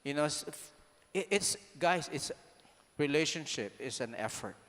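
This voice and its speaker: A man with a slightly high voice gives an animated motivational talk, throwing rhetorical questions at the crowd and now and then breaking into a shout. His voice rings out with a long reverb, as if he were in a large hall. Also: normal speed. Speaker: speaker.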